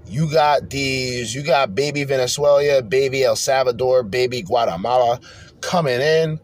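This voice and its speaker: A man hosting a podcast, ranting profanely as he reacts to video clips in bursts of loud, rambling talk. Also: mid-range voice. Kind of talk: profane reaction commentary rant.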